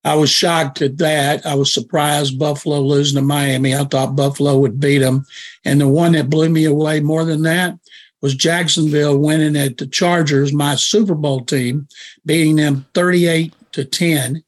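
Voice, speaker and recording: Male football columnist, higher-pitched voice, blunt and emphatic opinions. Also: fairly even intonation, normal speed. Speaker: football analyst guest and columnist. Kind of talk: sports talk radio discussion.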